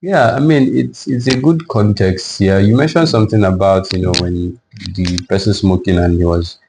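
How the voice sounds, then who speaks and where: A man co-hosting a faith-based conversation, speaking in a measured, preaching manner. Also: fairly low pitch, background noise. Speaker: co-host.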